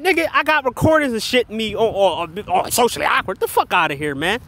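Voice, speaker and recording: Brief: a high-voiced man with a sharp, bright tone rants heatedly on a livestream, profane and repetitive, and calls out his chat directly. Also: expressive, fairly quick, few pauses. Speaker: livestream commentator.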